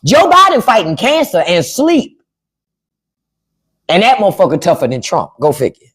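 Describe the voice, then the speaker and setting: A woman's voice: lowish voice, huge pitch swings, normal speed, husky. A woman hosting a livestream, ranting with sarcastic, profane commentary. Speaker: livestream host. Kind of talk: casual livestream rant.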